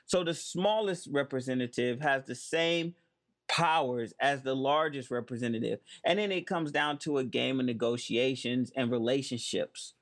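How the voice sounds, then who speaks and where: A man's voice: mid-range voice, moderate pace. A man hosting a spoken commentary, talking emphatically and stressing key words. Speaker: host. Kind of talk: monologue commentary.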